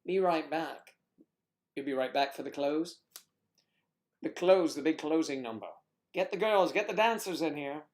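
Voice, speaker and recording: A man's voice: a little high, moderate pace, pauses often. Guy hosting a live stream, joking around with puns, chatty, sometimes goes whispery. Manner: playful, punning, drops into whispers. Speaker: livestream host. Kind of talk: casual chat reading viewer comments.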